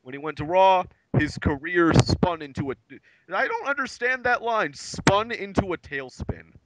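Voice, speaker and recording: A man's voice: high voice, animated, moderate pace, a bit bright, slight background noise, poor audio. A man co-hosting a casual wrestling recap podcast, crude and joking, mocking what he recaps. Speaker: podcast co-host.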